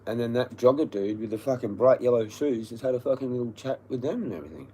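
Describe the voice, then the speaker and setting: An Australian man on a livestream, telling a story as an angry, profane rant that swings between low muttering and loud yelling. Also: quick pace, slightly rough, rough recording. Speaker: livestream host.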